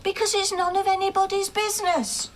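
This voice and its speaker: A woman's voice: on the high side, animated, unhurried, slight background noise. An actress playing an older mother standing by her new partner, firm and earnest, in a TV soap. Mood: defensive. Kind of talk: TV soap drama acting.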